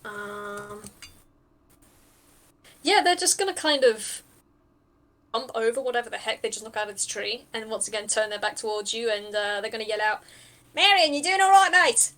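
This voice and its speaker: A woman's voice: mid-range voice, moderate pace, pauses often, a bit bright. A woman narrating a tabletop game as game master, chatty and thinking aloud with many fillers.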